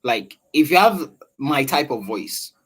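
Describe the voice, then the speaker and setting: A man talks through voice training with a husky, velvety tone. His pitch swings widely as he demonstrates and asks questions. It sounds like an interview guest teaching his craft. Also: very animated, slow pace. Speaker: voice-over artist guest. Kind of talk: explanatory interview talk.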